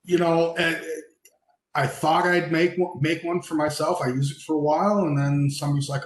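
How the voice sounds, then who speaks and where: A man who makes pens speaking modestly and haltingly on a video call panel. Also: fairly high pitch, steady tone. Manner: modest, halting, with many restarts. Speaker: penmaker panelist. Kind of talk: casual panel discussion. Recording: echoey room.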